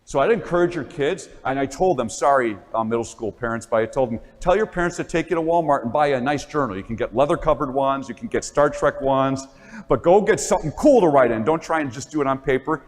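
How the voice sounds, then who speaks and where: A man giving a motivational talk to parents, telling stories from his days as a teacher and acting out the classroom dialogue with animated energy. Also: mid-range voice, quick pace. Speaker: speaker addressing parents. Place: church. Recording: long reverb in a church.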